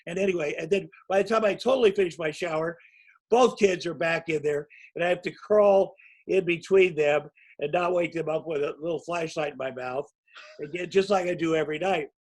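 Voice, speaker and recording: A man in his sixties with a notably high voice spins loose, rambling anecdotes as a guest. He tells them casually and pokes fun at himself as he goes. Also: fairly quick, poor audio. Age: 60s. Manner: rambling, anecdotal, self-mocking. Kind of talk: casual storytelling.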